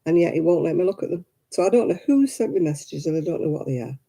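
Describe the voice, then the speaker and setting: A woman's voice: lowish voice, animated, fast, gravelly, mellow, breathy edge. A woman hosting a casual craft live stream, chatty and rambling, laughing often.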